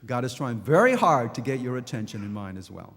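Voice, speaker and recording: A man's voice: mid-range voice, big pitch swings, brisk, fairly bright tone. Guy preaching in a big church, fervent, repeats himself, voice rings out in the hall. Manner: impassioned preaching with repetitions and restarts. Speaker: pastor. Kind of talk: sermon. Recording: long church hall reverb.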